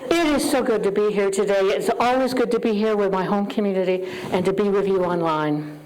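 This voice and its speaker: A woman speaking to a church congregation, giving an earnest, openly emotional spiritual talk and leading a prayer, with long pauses. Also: medium pitch, a little mellow, a little hiss or hum, low-quality recording. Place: church sanctuary with live audience. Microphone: handheld microphone.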